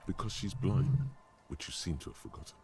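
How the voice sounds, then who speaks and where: An actor playing a detective's grave inner voice in a video game, speaking in measured, portentous lines. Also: male voice, low voice, huge pitch swings, a little mellow, a little hiss or hum. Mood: ominous. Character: deep inner voice of a male detective.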